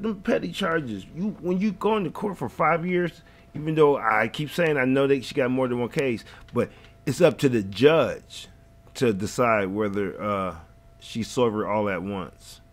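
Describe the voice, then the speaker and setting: A man hosting a reaction video, ranting in heated, profane, rambling casual commentary. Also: medium pitch.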